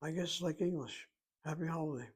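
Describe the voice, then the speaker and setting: A man teaching a language lesson, speaking slowly and deliberately and spelling words out letter by letter. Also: on the high side, slightly rough, low-quality recording. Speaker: Hebrew teacher. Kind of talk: lecture.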